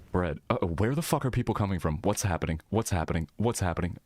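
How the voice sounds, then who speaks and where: A male streamer talks loosely with his live chat in a deep, low voice. He rambles through half-finished thoughts and swears freely as he reacts to viewers' comments. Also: lively intonation, quick pace, hardly any pauses, darkish tone.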